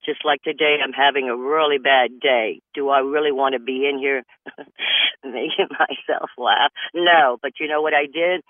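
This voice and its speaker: A man's voice: medium pitch, steady tone, normal speed, no room sound. A man delivering a rambling stand-up comedy monologue, drifting loosely from bit to bit. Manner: rambling and loose, jumps between bits and acted-out voices. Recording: dry, tinny phone-line sound.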